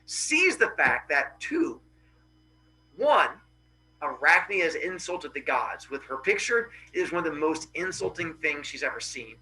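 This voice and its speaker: A male teacher tells a myth to his class with big, dramatic swings in his voice. His tone is high and bright, and his delivery is playful and animated. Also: a little slow, slight background noise, poor audio.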